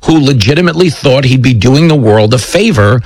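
A man hosting a political commentary show, delivering a brash, emphatic monologue with quick asides. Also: mid-range voice, expressive, a little mellow, no echo. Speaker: host.

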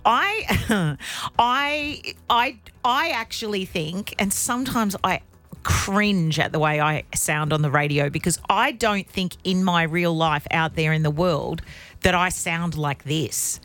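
A woman's voice: fairly low pitch, unhurried, fairly bright tone. Chatty Australian woman radio host. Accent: broad Australian. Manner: chatty, laughs often, self-mocking. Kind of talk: casual radio banter.

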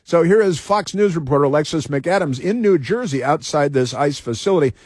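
Male radio host, combative and repetitive, slightly high voice, dry sound. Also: lively intonation, fairly quick, darkish tone, slightly rough, no room sound. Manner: combative, repeats phrases for emphasis. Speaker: radio talk show host. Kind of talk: talk radio commentary.

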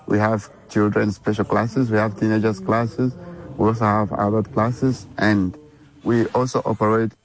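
Earnest man, low voice. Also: level tone, moderate pace, low-quality recording. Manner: earnest, simple phrasing in short phrases. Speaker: community yoga teacher. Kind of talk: documentary interview.

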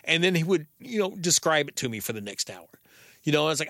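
A middle-aged man telling a personal story in a wry, conversational way, with fillers and pauses. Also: on the high side, big pitch swings, vocal fry, fairly bright tone, dry recording, clean studio sound.

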